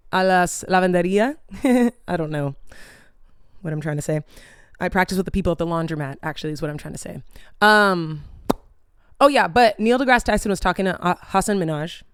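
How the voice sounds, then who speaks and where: A woman's voice: on the low side, fairly quick, long pauses, clean tone, dry recording, studio quality. A young woman chatting casually to camera, drifting between tangents and losing her thread, with plenty of "like" and the odd swear word. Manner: chatty, tangent-prone, loses her train of thought. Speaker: vlogger. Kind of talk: casual rambling chat to camera.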